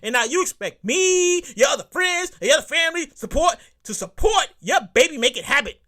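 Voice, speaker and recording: A high, bright voice with a New York accent drives a solo podcast rant. The host bounces all over in pitch, repeats lines for punch and swears casually. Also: brisk. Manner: excitable, repeats phrases, swears freely.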